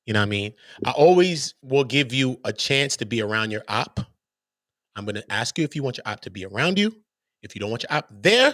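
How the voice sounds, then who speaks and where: A man's voice: mid-range voice, fairly bright tone, no echo, clean studio sound. A man hosting his own channel, ranting to viewers in a blunt, openly profane and emphatic way. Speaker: channel host.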